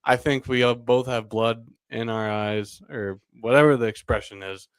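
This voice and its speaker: A man co-hosting a podcast, chatting casually about basketball, relaxed and prone to laughing and trailing off. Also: mid-range voice, moderate pace, clear, resonant tone, dry recording, studio quality. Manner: relaxed, laughs often, trails off mid-sentence. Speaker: podcast co-host. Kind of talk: casual sports chat.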